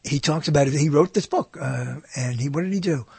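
A male radio host talks in a husky, slightly raised voice. He rambles and mutters, trailing off mid-sentence. The sound is dry and close. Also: on the high side, fairly quick, darkish tone, dry recording. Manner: mutters and trails off while searching. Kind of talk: rambling talk while browsing old recordings.

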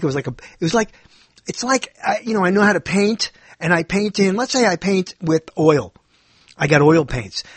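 A man's voice: sits high, fairly bright tone, breathy edge, dry recording. A middle-aged man hosting a podcast, rambling through a solo monologue, correcting himself and chuckling as he goes. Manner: digressive, self-correcting, chuckles often. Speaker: podcast host.

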